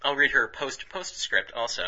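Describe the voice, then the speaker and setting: Male podcast co-host, loose rambling banter, laughs a lot; forceful, husky voice on a dull, lo-fi recording. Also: medium pitch, expressive, moderate pace. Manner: rambling, laughs often, many restarts. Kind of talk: casual comedic banter.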